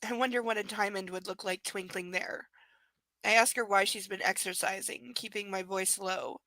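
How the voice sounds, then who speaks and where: A woman reads a novel aloud in a clear, bright voice. She keeps stopping for sarcastic, amused remarks about the characters. The sound is dry and close. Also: mid-range voice, fairly even intonation, moderate pace, no room sound, low-quality recording. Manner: sarcastic asides, laughing at the text. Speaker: reader. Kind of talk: live book reading with commentary.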